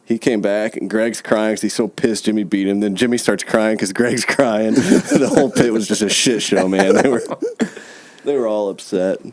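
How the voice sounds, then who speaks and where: A man's voice: on the low side, lively intonation, moderate pace. A man in a casual podcast chat, telling stories in a laid-back way, laughing often and saying "dude" and "man". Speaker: podcast guest.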